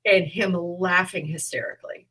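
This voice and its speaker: A woman comedian co-hosting a podcast tells stories in a lively, casual way. She acts out her own past reactions and laughs often. Her voice is fairly low-pitched and comes across bright and forceful. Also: normal speed, breathy edge, rough recording. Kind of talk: casual chat.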